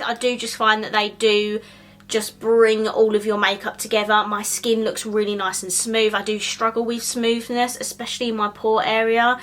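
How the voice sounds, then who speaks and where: A young woman talks through a makeup review, chatty and gushing as she tries each product. Her voice is bright and forward, with a lively, easy flow of filler words. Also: mid-range voice. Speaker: beauty vlogger.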